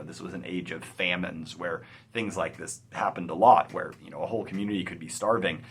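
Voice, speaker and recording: A man hosting a poetry channel, explaining a poem in an animated, emphatic way, with some fillers. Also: on the low side, husky. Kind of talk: explanatory video lecture.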